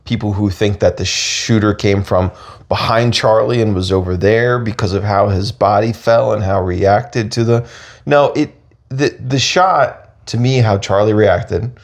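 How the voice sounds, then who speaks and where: A man with a very low, deep voice co-hosts a casual podcast chat. He rambles and restarts his sentences as he thinks aloud. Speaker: podcast co-host.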